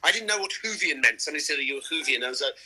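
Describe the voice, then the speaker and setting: A man in his thirties chatting playfully on a live stream from home, joking and animated. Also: on the high side, very fast, heavy background noise. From Great Britain. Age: 30s. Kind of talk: casual chat.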